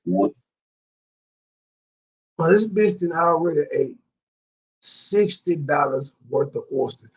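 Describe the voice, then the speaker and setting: A man's voice: on the high side, lively intonation, takes it slowly, long pauses, husky, muffled recording. A man hosting a reaction commentary, ranting with profane disbelief. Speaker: commentary channel host.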